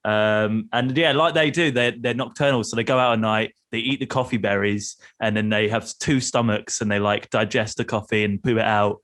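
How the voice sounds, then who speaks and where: A man's voice: lowish voice, steady tone, moderate pace, few pauses, a bit bright. A man from the United Kingdom, a guest on a casual podcast, telling stories chattily and acting out the dialogue. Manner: chatty storyteller, acts out dialogue, laughs a lot. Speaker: podcast guest, travel group leader.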